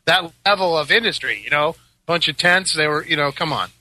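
A man's voice: a little high, a little fast, bright, forceful tone. A man hosting a casual talk show, telling stories with sarcastic asides and frequent laughs. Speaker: podcast host. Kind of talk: casual chat.

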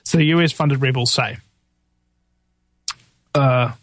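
A man giving sarcastic political commentary in a mocking, animated way, often laughing at his own jokes. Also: medium pitch, slow pace, no echo.

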